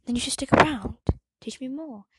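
A woman's voice: high voice, moderate pace, breathy edge, no echo, clean studio sound, pitched above the performer's own voice. A woman doing an eager teenage boy wizard.

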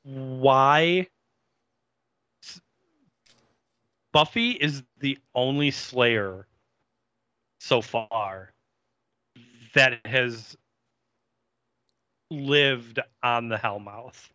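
A man's voice: medium pitch, extremely slow, long pauses, bright, forceful tone, no room sound, highs cut off. A man co-hosting a podcast, talking through a TV episode in a casual, opinionated way and asking questions about the plot. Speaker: podcast co-host. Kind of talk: casual chat discussing a TV episode.

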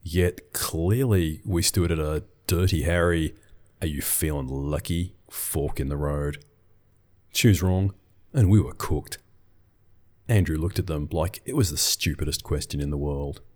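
A middle-aged man with an extremely deep, low voice tells a scripted business anecdote. His delivery is dry and wry, with a storyteller's timing. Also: measured pace, a little mellow. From Australia.

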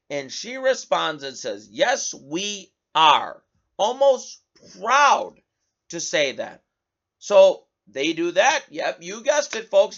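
A man's voice: sits high, lo-fi sound. A man hosting a political talk show, giving heated commentary and reading news headlines aloud. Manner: animated, indignant, reads headlines aloud.

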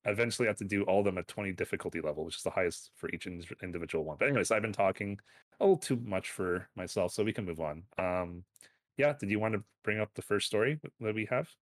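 A man's voice: lowish voice, fast talker, dry recording. A man co-hosting a casual podcast over an online call, rambling loosely and correcting himself as he goes. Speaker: podcast co-host. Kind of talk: casual chat.

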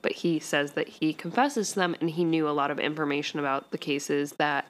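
Woman, podcast co-host, casual recap, rambling, fillers, lowish voice. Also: steady tone, fairly quick. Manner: rambling, heavy use of "like". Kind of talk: casual chat recapping a TV episode.

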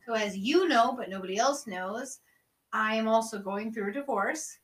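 A woman's voice: on the high side, moderate pace, distant mic. A woman guest co-host in casual podcast chat who talks bluntly and swears freely.

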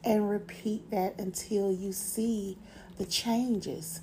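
A middle-aged woman hosting a motivational podcast, encouraging listeners and slowly repeating affirmations. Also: medium pitch, fairly even intonation, darkish tone, a little hiss or hum. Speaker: podcast host.

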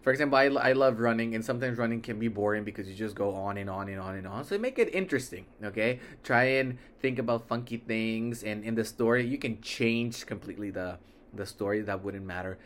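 A man's voice: fairly low pitch, fairly quick, slight background noise. A young man from Mexico whose first language is Spanish, talking casually and rambling as host of a solo podcast, often correcting himself mid-sentence. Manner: rambling, self-correcting, easygoing.

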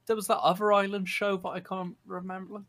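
Podcast co-host, high voice, playful and teasing. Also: male voice, flat delivery, a crowd in the background. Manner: playful, teasing, quick to laugh. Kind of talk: casual chat.

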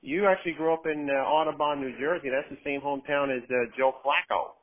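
A man's voice: on the high side, steady tone, quick pace. Man, podcast host, joking, steers the questions, casual chat, thin phone-line audio. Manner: jokey, leading questions. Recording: narrow phone-like sound.

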